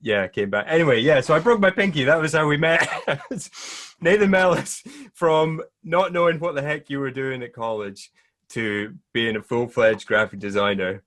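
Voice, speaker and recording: A man's voice: medium pitch, moderate pace, fairly bright tone. A man hosting a podcast in a casual chat, often laughing as he talks. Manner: chatty, laughs often while talking. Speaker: podcast host.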